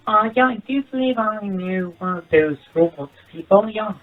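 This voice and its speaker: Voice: medium pitch, lively intonation, moderate pace, voice pushed up, natural voice. Youtuber doing a meek formal servant talking to the king, tinny phone-like audio. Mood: deferential. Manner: formal and deferential. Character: timid royal servant. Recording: tinny lo-fi sound with faint music.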